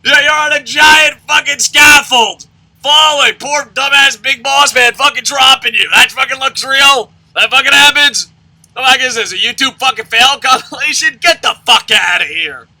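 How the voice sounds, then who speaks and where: A man hosting wrestling news, ranting loudly with constant swearing and shouted outbursts. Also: very high voice, moderate pace, rough recording. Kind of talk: profane ranting commentary.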